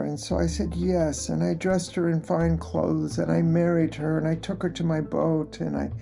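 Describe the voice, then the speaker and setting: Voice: medium pitch, vocal fry, dark tone. A narrator doing an old merchant telling his tale.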